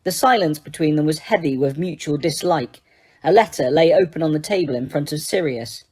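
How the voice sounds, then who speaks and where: A woman narrating an audiobook in a steady storytelling manner, with the odd small slip. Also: deep voice, brisk. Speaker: audiobook reader.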